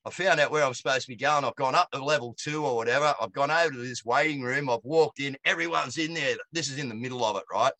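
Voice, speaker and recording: A blunt Australian man spins an animated story in broad, colloquial speech. His voice is bright and forceful, and it sounds close and dry, with no room around it. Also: medium pitch, fast talker, few pauses, dry recording. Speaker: guest. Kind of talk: casual storytelling.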